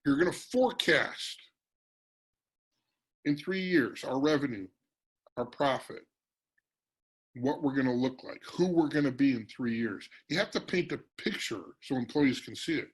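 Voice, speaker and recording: A man presenting a business workshop in a virtual meeting, energetic and teasing, calling on audience members by name. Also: medium pitch, measured pace, pauses often, breathy edge, low-quality recording.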